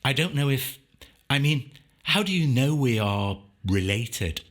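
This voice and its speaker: A man's voice: medium pitch, lively intonation, measured pace, a bit bright, voice pushed up. A man playing a stammering, clumsy countryside man of nearly sixty, thrown off balance. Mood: flustered.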